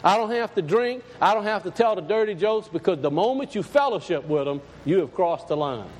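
A man's voice: high voice, expressive, fairly quick, in a large hall, poor audio. A man, a pastor, preaching a sermon in a folksy, plain-spoken and emphatic way.

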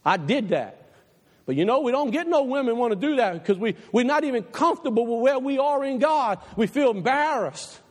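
A man preaching a passionate sermon to his church, dropping low and quiet for the advice he quotes, then climbing again. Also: lively intonation, fairly quick, few pauses, big-room sound. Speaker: pastor. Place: church sanctuary.

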